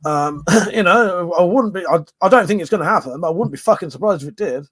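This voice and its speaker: A man rambles through a casual livestream chat, reading out viewer comments. His voice sits a little high for a man, and his talk is loose and sweary, peppered with laughs and yawns, a touch short of breath. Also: lively intonation, fast, a bit bright. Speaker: live stream host.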